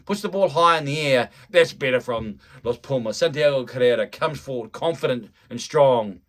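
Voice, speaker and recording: Speaking at normal speed with a medium, slightly bright voice, this fan commentator narrates rugby action as if it were live. He wanders and chats, pokes fun at himself, and often starts sentences over.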